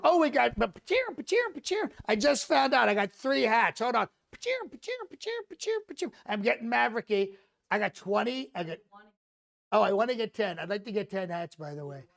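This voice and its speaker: A comedian holds a live mock press conference, doing a comic impression of a boastful, rambling older male president who keeps repeating himself while bragging. His voice is high and creaky.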